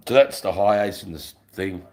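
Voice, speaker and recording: A man's voice: fairly low pitch, a little mellow. A middle-aged man with an Australian accent telling a rambling story on a livestream, swearing freely and tagging lines with "right?". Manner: swearing, rambling, tags 'right?'. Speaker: livestream host. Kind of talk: casual storytelling.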